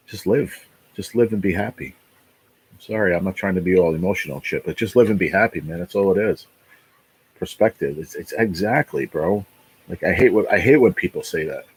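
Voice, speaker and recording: Husky low-voiced man, blunt and sweary. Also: a little fast, low-quality recording. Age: 40s. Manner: blunt, heavy swearing, repeats himself. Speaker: livestream host. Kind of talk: casual livestream chat.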